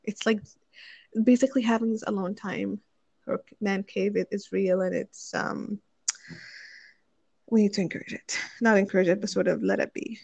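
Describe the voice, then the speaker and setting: Young woman, casual advice chat, rambling with fillers, mid pitch, dry close sound. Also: steady tone, normal speed, gravelly, long pauses, darkish tone, breathy edge, dry recording. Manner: chatty, thinking aloud with many fillers and restarts. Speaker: speaker sharing advice on marriage.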